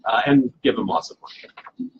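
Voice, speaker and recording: A man's voice: mid-range voice, moderate pace, gravelly, dull audio, noisy background. A man hosting a casual live cocktail stream from home, playful and self-mocking, rambling with fillers. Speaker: cocktail show host.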